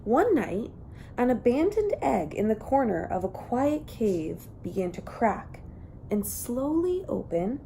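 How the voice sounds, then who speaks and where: A woman's voice: a little high, sing-song, takes it slowly, gravelly, mellow, a little hiss or hum. A woman reading a children's picture book aloud, telling the story expressively and acting out the characters. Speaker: reader.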